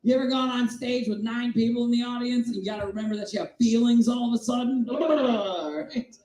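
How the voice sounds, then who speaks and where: A man doing a stand-up set in a small comedy club, crude and self-mocking, swinging between shouting and mumbling. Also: extremely high pitch, flat delivery, quick pace, echoey room, rough recording.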